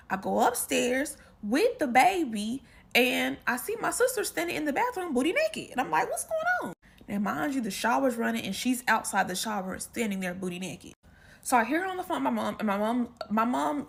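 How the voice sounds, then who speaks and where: A woman's voice: a little high, vocal fry, a bit bright, a little hiss or hum. A woman telling a family holiday story in a casual storytime, chatty and full of asides.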